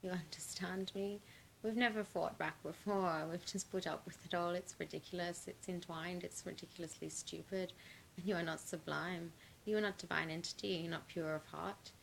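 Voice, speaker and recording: A woman's voice: lowish voice, normal speed, gravelly, a little hiss or hum. Playful woman telling a story. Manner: animated, playful, laughing asides. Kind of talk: improvised storytelling.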